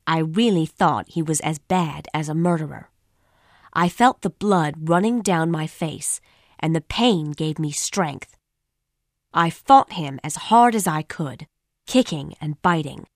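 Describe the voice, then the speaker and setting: A woman reading a story aloud in a measured, plain storytelling manner. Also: fairly low pitch, no echo, clean studio sound. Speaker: narrator. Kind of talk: audiobook narration.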